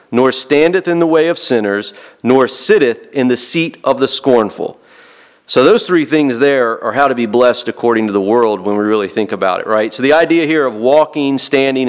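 Man, preacher, sermon, earnest, repeats phrases, mid-pitched voice, muffled lo-fi recording. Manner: earnest, repeats and restarts phrases, asks "right?". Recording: dull lo-fi recording.

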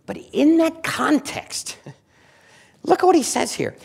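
A man preaching a sermon in a folksy, conversational way, chuckling now and then and building to loud, emphatic declarations. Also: extremely high pitch, animated, slow, creaky, pauses often.

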